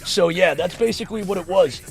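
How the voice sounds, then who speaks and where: A man livestreaming, telling a story in a casual, animated way with swearing and laughing asides. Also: high-pitched, fairly quick, gravelly, breathy edge, faint music behind.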